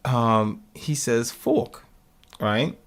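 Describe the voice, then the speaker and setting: A man in his thirties casually telling a lively story about his kids, acting out their lines and laughing often. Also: medium pitch, moderate pace. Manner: animated, acts out family quotes, laughs often. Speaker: podcast co-host.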